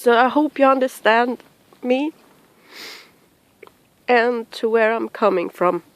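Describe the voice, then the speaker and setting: Tearful woman podcaster, halting delivery, unhurried pace, dry sound. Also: a little high, dry recording. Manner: halting, with sighs and restarts. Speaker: podcaster addressing her listeners. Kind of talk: personal message to camera. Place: at home.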